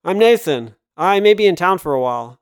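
A blunt young man new to the city, voiced by a male narrator, wry and plain-spoken. His voice sits a little high for a man. The storybook read is dry and close. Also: lively intonation, fairly quick, clear, resonant tone, dry recording. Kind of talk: audiobook character voice.

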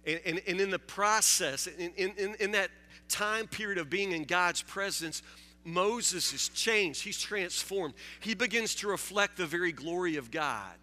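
A man preaching a sermon, halting and repeating words, joking with his listeners. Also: sits high, sharp tone. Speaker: pastor. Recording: long hall reverb.

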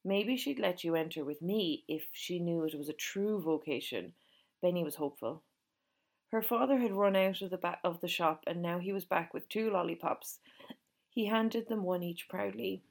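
A woman reading a novel aloud, gently voicing the characters in dialogue. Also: on the low side, normal speed, gravelly. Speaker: reader.

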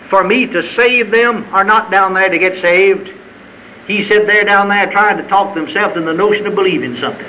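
High, bright-voiced impassioned male preacher. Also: moderate pace, a little hiss or hum, low-quality recording. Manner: impassioned, swings between loud high exclamations and low quiet asides. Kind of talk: sermon.

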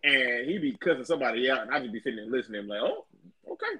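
A man in a casual chat, quickly telling funny stories in slang and acting out what people said. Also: mid-range voice, a crowd in the background. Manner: fast storytelling slang, acts out quotes.

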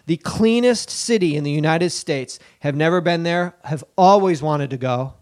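A man co-hosting a comedy podcast riffs loosely and animatedly, swearing a lot and throwing in jokey asides, bits and put-on voices. His voice is fairly high-pitched at a moderate pace with hardly any pauses, in clean studio sound with no echo.

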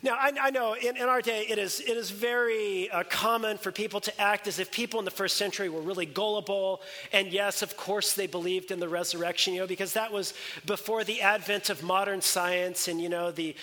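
A man's voice: high voice, fairly even intonation, a little fast, pushed and bright. A man preaching a sermon as pastor, emphatic and conversational, with joking asides. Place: church sanctuary. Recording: long reverb of a church hall.

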